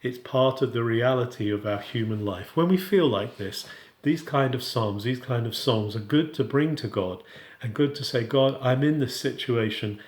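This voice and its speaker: A man talks through a passage of scripture in an earnest, informal teaching voice. His pitch sits in a middle range. The sound carries a noticeable room echo. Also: moderate pace, a little mellow. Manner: earnest, with frequent restarts and paraphrased quotes. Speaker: Bible teacher. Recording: roomy echo.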